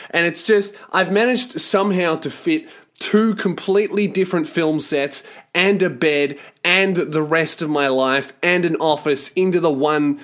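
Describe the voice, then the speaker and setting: A man's voice: a little high, fairly bright tone. A man with an Australian accent hosting a solo podcast, ranting profanely and exasperated, recorded in a small cramped home studio. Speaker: podcast host.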